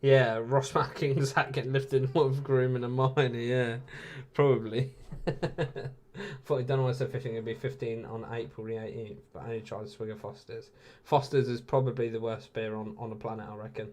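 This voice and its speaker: A man's voice: medium pitch, a little mellow. Man, late twenties, English accent, casual stream chat, laid-back, laughs a lot. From England. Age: 20s. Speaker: streamer hosting a watch-along. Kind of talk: casual chat with live viewers.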